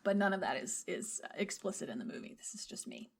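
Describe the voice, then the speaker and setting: A woman's voice: fairly low pitch, huge pitch swings, fairly quick, creaky. A woman co-hosting a podcast, retelling a film's plot in loose, chatty, profane conversation. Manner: profane, chatty, digressive storytelling. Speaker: podcast co-host. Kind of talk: casual chat retelling a film.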